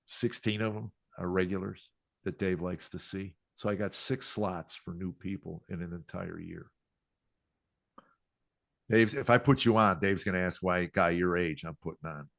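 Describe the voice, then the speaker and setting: A man's voice: sits low, creaky, no room sound. An older man, a comedian, telling self-deprecating stories in a podcast interview. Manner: self-deprecating, quotes people in acted voices. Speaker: comedian guest.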